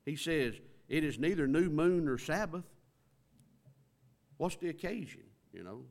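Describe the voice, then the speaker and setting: A man's voice: mid-range voice, normal speed. Folksy male preacher, conversational sermon. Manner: conversational, folksy, acts out quoted lines.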